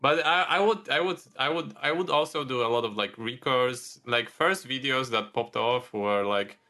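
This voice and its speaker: A man talking as a podcast guest, relaxed and rambling with frequent restarts. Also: mid-range voice, moderate pace, soft background music. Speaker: guest, video creator. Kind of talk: casual podcast chat.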